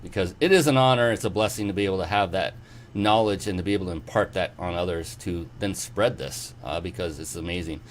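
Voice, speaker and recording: A man's voice: low-pitched, fast, slight background noise. A man hosting an interview show, talking enthusiastically and rambling with many fillers and restarts. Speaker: show host. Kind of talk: casual interview chat.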